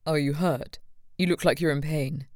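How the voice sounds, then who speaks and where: A woman reading aloud as a tender, protective royal man in an audiobook romance, her voice dropped low and quiet. The tone is steady and earnest, recorded close and dry. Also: moderate pace, dry recording, natural voice.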